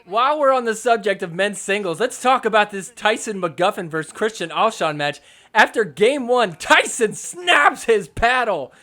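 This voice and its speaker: A young man with a high-pitched voice hosts a sports podcast, talking over match footage. He recaps the games with a sarcastic, mocking edge and drops into quick put-on voices for the players. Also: animated, pushed and bright. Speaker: podcast host. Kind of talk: comedic sports recap commentary.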